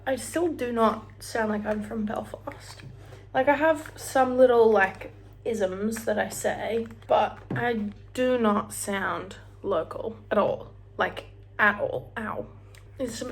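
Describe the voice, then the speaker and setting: A woman's voice: on the high side, takes it slowly. Chatty Australian woman, half-whispering. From Australia (Brisbane). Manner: chatty, often drops to a near whisper. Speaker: vlogger. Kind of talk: casual get-ready-with-me chat. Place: at home, indoors, straightening her hair.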